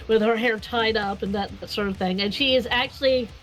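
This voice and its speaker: A woman's voice: on the high side, normal speed, faint music behind, rough recording. A woman narrating as game master of a tabletop game, rambling with frequent fillers.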